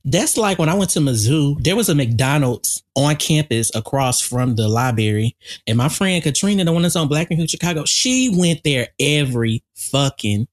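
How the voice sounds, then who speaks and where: Low-voiced woman with lively pitch. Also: moderate pace. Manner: relaxed, joking, country phrasing. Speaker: podcast co-host. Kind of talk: casual podcast chat.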